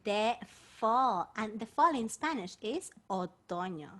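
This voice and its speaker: A woman's voice: fairly high pitch, takes it slowly. A woman performer hosting a bilingual children's show, talking playfully to a puppet cat and the young audience. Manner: animated, playful, talks to a puppet. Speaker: children's entertainer.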